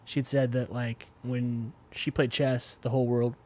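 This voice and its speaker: A man's voice: medium pitch, little pitch movement, unhurried, darkish tone. A man speaking as a podcast guest in casual conversation, candid and emotional, swearing freely and close to tears. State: tearful.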